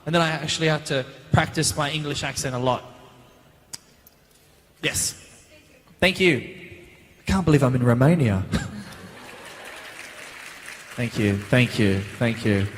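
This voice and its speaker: A man, answering fan questions as a guest actor on a convention panel, chatty and animated, recorded on a handheld mic in a large hall. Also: medium pitch, unhurried, pauses often, a little hiss or hum. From Australia. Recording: reverberant hall.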